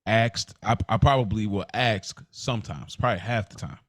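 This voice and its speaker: A man's voice: fairly low pitch, brisk, dry recording. Casual Midwestern man, dry close mic. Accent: Indianapolis. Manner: rambling, filler-heavy with frequent 'like'. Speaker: podcast co-host. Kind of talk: casual chat.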